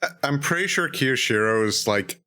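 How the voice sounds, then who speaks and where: Quiet, halting man on a podcast. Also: mid-range voice, animated. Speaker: podcast guest or co-host. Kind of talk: casual chat about an anime episode.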